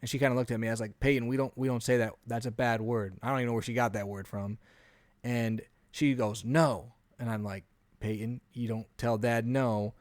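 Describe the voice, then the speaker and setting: A man in his thirties, a podcast co-host telling an animated story in a casual chat, often acting out what he said. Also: medium pitch, fairly quick, no echo.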